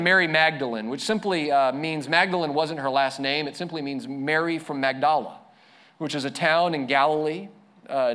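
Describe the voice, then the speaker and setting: A man preaching a sermon as a pastor, earnest, slowing down and dropping softer to stress his points. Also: fairly high pitch.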